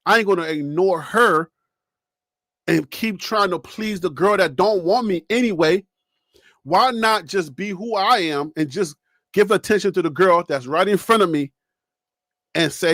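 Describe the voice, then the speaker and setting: High-pitched guy doing sports talk on his stream, animated, laughing at chat, dry close mic. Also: normal speed, dry recording. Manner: animated, talks straight to viewers and chat, laughs often. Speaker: sports channel host. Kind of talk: casual live-stream commentary.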